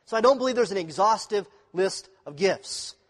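Man, pastor, conversational sermon, slightly high voice, long hall reverb. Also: lively intonation, moderate pace. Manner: conversational preaching, asks the congregation questions.

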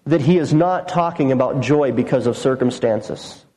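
A man's voice: medium pitch, normal speed, dark tone, long reverb tail, poor audio. A man preaching a sermon, earnest and emphatic, building points through repeated phrases. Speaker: pastor.

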